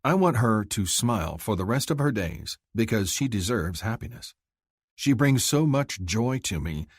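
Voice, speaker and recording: A man reads a fantasy romance in first person with a low voice and a husky grain. His delivery moves a lot in pitch, climbing high when he speaks for the heroine. The sound is dry and close to the mic. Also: big pitch swings, moderate pace, no room sound. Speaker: audiobook narrator.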